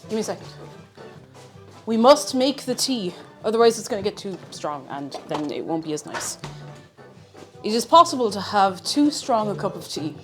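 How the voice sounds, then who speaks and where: A woman's voice: mid-range voice, sing-song, normal speed, pauses often, fairly bright tone, soft background music. A woman streamer chatting casually while cooking, playful and talkative, her voice a little crackly after being sick. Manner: chatty and playful, bursts into silly singing. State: slightly crackly voice after illness.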